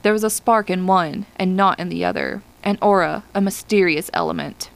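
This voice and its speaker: A woman reading a story aloud in measured, steady scripted narration. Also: fairly low pitch, vocal fry. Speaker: audiobook reader.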